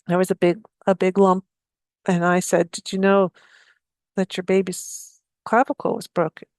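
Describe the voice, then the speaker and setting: A woman giving a talk, telling a story from her healing practice in a soft, conversational way. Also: lowish voice, flat delivery, normal speed, dry recording, studio quality. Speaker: speaker giving a free talk.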